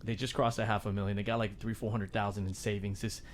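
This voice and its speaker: A man hosting a podcast interview, telling animated stories and acting out quotes. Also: fairly low pitch, fast, slight background noise. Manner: animated storyteller, acts out quotes loudly. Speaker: podcast host. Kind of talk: casual interview chat.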